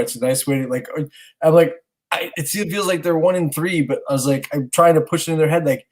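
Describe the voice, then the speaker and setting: A man's voice: a little high, a little fast, poor audio. A man co-hosting a parenting podcast, telling a family story in casual chat and acting out his children's voices. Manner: animated storyteller, acts out his kids' lines. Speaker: podcast co-host, stay-at-home dad.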